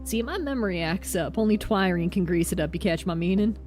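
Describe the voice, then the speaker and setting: A woman's voice: mid-range voice, animated, a little fast, darkish tone, close to an everyday voice. A woman voicing a shifty drunk townsman in a put-on Southern accent, reading his lines with a drawl while game music plays. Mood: wheedling. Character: shifty drunk male townsman begging for liquor.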